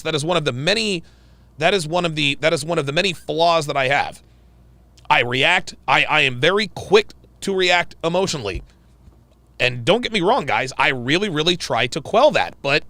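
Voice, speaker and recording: A man hosts a livestream in an emphatic storytelling voice and hammers his points home through repetition. His voice sits a little high, with a gravelly edge. The sound is dry and close, with no room echo. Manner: animated, emphatic storytelling with repeated phrases. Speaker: livestream host. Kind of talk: livestream commentary.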